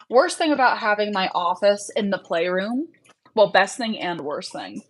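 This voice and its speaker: A woman's voice: medium pitch, big pitch swings, normal speed, rough recording. A tired woman hosting a casual livestream chat, rambling and trailing off as she works on her screen, laughing often mid-sentence. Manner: chatty, rambling, trails off while working on screen. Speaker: livestream host.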